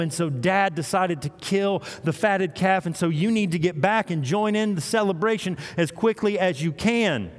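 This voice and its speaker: A man preaching a sermon in a church, retelling a parable and acting out its voices with animated storytelling. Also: medium pitch. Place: church sanctuary. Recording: long hall reverb.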